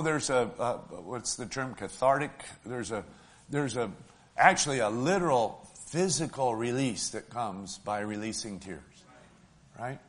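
A man preaching to his congregation in a mid-range voice. He talks in a homely, folksy way and often checks in with his listeners. His delivery keeps swelling loud and slow, then sinking to a hush. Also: medium pitch. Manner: emotional, swells loud then drops soft; folksy, asks the congregation "right?". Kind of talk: sermon.

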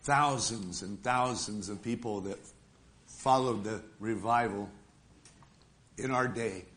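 A man's voice: on the low side, takes it slowly, a bit bright. A man preaching an emphatic sermon in a church, repeatedly calling out to the congregation for amens.

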